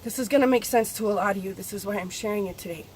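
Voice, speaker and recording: A woman talking candidly in a personal spiritual vlog, confessional and swearing freely, her voice swinging between soft and loud. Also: mid-range voice, racing, slight background noise. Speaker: spiritual vlogger.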